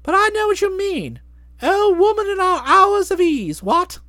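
A woman voicing a chatty, self-satisfied young gentleman in a bouncy, wordy way. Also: extremely high pitch, big pitch swings, measured pace, no room sound, exaggerated voice. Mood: breezy. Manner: bouncy, wordy, fond of flowery phrases. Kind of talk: audiobook drama, narrating and voicing the hero.

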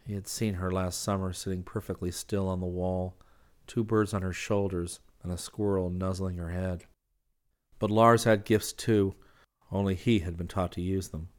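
Male audiobook narrator, deep and monotone, even storytelling. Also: normal speed. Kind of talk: scripted narration.

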